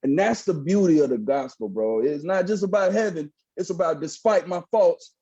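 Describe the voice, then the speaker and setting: A man in his thirties, once a pastor and now a hip hop artist, shares his faith testimony as a podcast guest, casual and a bit preachy, often saying "bro." His voice is slightly high and animated, moving at normal speed with few pauses, mellow and a little rough. The highs in the audio are cut off.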